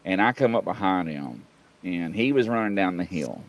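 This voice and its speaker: A man, co-hosting a casual video-call show and telling a lively story while acting out the other people in it. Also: low voice, normal speed, poor audio. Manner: animated storyteller, acts out voices of others. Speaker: podcast co-host, former police officer.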